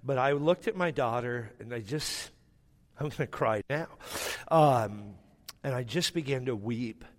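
A man's voice: mid-range voice, expressive, unhurried, big-room sound. A man preaching a sermon, telling a personal story with self-mocking humor and emotion. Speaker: pastor.

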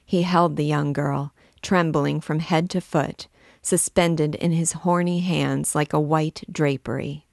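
Slow, low-voiced woman reading aloud. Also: steady tone, creaky, a little mellow, no echo, studio quality. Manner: measured, deliberate reading. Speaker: book reader and guide. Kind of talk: literary read-aloud narration.

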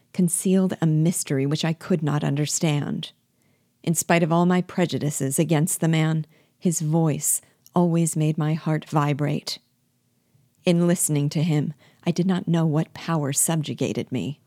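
A woman reading a novel aloud as its guide, in a steady, measured storytelling manner. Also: deep voice, dry recording, clean studio sound.

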